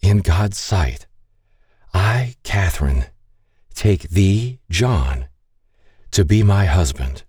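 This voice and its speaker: A man voicing a soft, teasing young bride. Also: low-pitched, animated, drawn-out words, pauses often, slightly rough, no room sound, clean studio sound, voice pushed up, full character voice. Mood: tender. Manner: soft, teasing, gently pleading. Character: playful, tender young bride-to-be woman.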